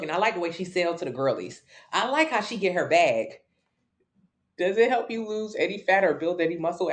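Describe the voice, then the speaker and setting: A woman fitness coach answering viewer questions on a casual livestream, blunt and sassy, swearing casually and pushing her voice up for emphasis. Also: low voice. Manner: lively, swings in loudness for emphasis.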